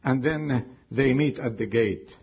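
A man preaching a sermon with emphatic delivery and long dramatic pauses. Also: mid-range voice, husky. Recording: dull lo-fi sound.

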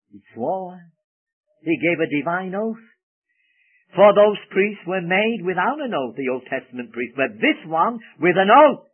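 An earnest male preacher whose voice swells loud on key words and falls soft after. He sits a little high and moves with lively pitch, with a husky edge. The sound is tinny and phone-like, like an old radio broadcast. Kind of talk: sermon.

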